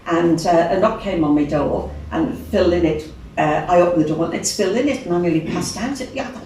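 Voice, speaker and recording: A woman's voice: lowish voice, a little fast, a little hiss or hum. An older woman with a Birmingham accent, a singer chatting as an interview guest, telling stories animatedly with frequent laughs. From England. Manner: chatty, animated, laughs often, acts out other voices. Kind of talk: casual storytelling interview. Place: venue room. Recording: distant mic in echoey room.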